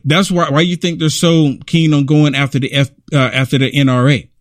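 A man's voice: on the high side, no echo, clean studio sound. A man giving casual reaction commentary on political clips, ranting and repeating "I mean" as he talks.

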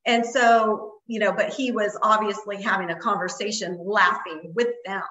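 A woman's voice: mid-range voice, steady tone, normal speed, a bit bright, roomy sound, lo-fi sound. A woman guest telling a story in casual conversation, rambling with lots of fillers. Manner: rambling, many fillers like "like" and "you know". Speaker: interview guest.

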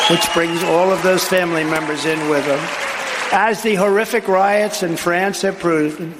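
A man giving a rambling, emphatic rally speech to a live crowd in a large venue, with a lot of repetition. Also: fairly high pitch. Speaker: political speaker. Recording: echoey hall with crowd noise.

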